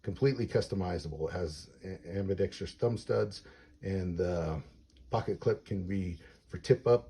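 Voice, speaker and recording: A man with a very low, husky voice walks through his everyday-carry items in a casual show-and-tell. He talks easily, with lots of pauses and filler sounds. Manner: relaxed, many filler sounds. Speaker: everyday-carry gear reviewer.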